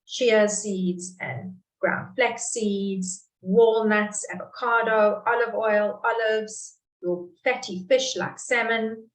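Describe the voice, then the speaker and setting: A middle-aged South African woman, a dietitian, explaining nutrition in an online class in a measured way, speaking over a video call. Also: mid-range voice, roomy sound, far from the mic, poor audio. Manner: explanatory, measured, talks to participants directly. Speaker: clinical dietitian presenter. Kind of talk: online webinar teaching. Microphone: computer mic on a video call.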